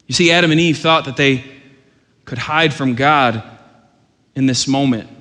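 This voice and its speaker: A man preaching a sermon as pastor, earnest and rising to loud, urgent questions. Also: on the high side, fairly even intonation, a little slow, pauses often. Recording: long hall reverb.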